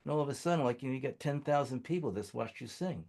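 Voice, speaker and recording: A man's voice: medium pitch, expressive, quick pace, creaky, a little mellow. A man on a music industry panel telling a long story in a casual, rambling way, full of fillers and restarts.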